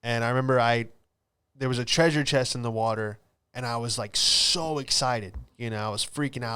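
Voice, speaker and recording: Brief: young male podcast host, smooth clear voice, relaxed rambling chat. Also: medium pitch, a little fast. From Florida. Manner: laid-back, rambling storytelling with slang. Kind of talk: casual solo podcast chat.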